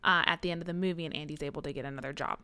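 Bright, crisp woman podcast co-host. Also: low voice, fairly even intonation, rapid-fire, no room sound. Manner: wry asides, frequent agreeing murmurs. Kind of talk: casual book-club chat.

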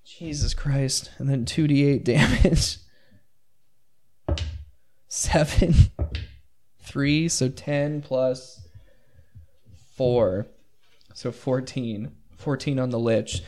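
A man narrating a tabletop game as game master, counting dice rolls aloud with excitement. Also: medium pitch, very slow, pauses often.

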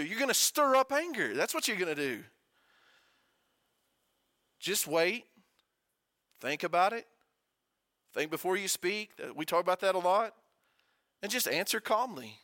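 High, bright-voiced preacher man. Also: very animated, a little slow, pauses often, no room sound. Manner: conversational preaching with rhetorical questions, rising and dropping to a hush. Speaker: pastor. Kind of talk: sermon.

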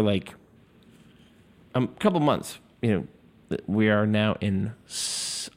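A man in his fifties hosting a solo podcast in a studio, rambling, self-deprecating and swearing freely. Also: fairly low pitch. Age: 50s. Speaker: podcast host. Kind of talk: casual solo podcast monologue. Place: recording studio. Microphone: studio microphone.

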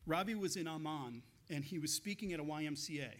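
A man's voice: on the high side, fast. A man pastor giving a conversational sermon, telling stories with frequent laughs and restarts.

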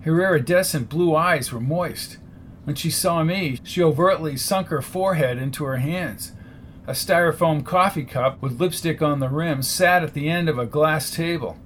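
Man, detective audiobook narrator, first person, wry, laid-back, higher voice. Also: normal speed, fairly bright tone, slight background noise.

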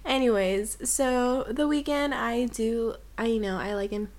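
A young adult woman co-hosting a podcast, chatting casually as an enthusiastic pop fan who pushes back quickly. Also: a little high, a little mellow. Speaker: podcast co-host. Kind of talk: casual chat.

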